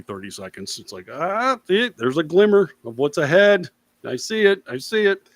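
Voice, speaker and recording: A man co-hosting a casual podcast chat, swearing freely and acting out quotes in a loud, higher voice. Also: no echo. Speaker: podcast co-host.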